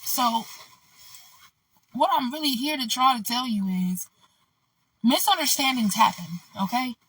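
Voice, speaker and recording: A woman's voice: on the high side, measured pace, a bit bright, breathy edge, no echo, recorded from a distance, poor audio. A woman vlogger telling a casual story in a loose, candid ramble, full of "like" and "you know".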